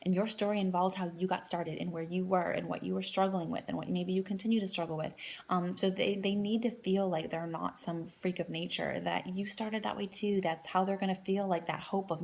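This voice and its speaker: A woman's voice: lowish voice, fairly even intonation, fairly quick, gravelly, a little mellow, slight background noise. A woman in her thirties giving a casual training talk to new coaches, rambling with lots of fillers and restarts.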